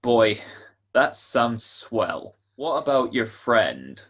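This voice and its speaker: An actor playing a jovial male announcer of an old-time radio show, with a husky voice and folksy, salesman-like patter. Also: mid-range voice, sing-song, drawn-out words, a bit bright, full character voice. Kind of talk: 1940s radio acting.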